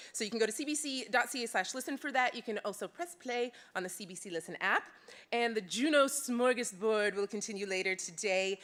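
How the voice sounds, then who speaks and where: A woman radio host from Edmonton, hosting a live event, bubbly, giggling and breathless with excitement. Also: medium pitch. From Edmonton, Canada. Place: live event room with an audience.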